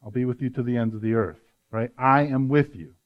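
A man's voice: mid-range voice, a little fast, highs cut off. A male pastor giving an earnest, conversational sermon, often adding "right?" to his points.

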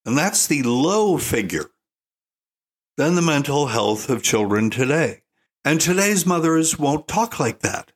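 A man's voice: on the high side, sing-song, measured pace. An older man giving an opinionated monologue as a parenting commentator, folksy and emphatic, calling listeners "folks". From United States.

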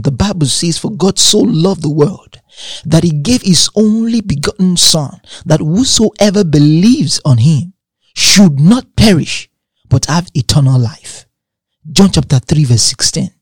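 A man preaches an emphatic sermon, stacking repeated phrases and reading scripture aloud. His voice sits a little high for a man and has a husky grain. The recording is dry and close, with little room sound. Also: animated, measured pace, no room sound.

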